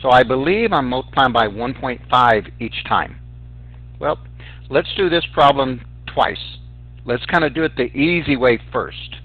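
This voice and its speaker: A man's voice: medium pitch, measured pace. Man teaching math over a tinny line. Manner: explains calculator steps aloud, addresses students as guys. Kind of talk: recorded math lesson. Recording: dry, tinny phone-like sound.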